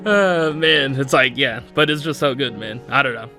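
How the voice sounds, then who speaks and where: A man's voice: on the high side, unhurried, pushed and bright, soft background music. A young man hosting a solo podcast, rambling casually with lots of fillers and frequent laughs. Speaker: podcast host.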